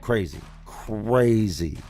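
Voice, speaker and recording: A man with a low, deep voice tells a story straight to his livestream viewers. He talks bluntly and casually, with plenty of swearing. Soft music plays faintly behind him. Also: lively intonation, drawn-out words. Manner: blunt, profane, conversational. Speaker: livestream host reading comments.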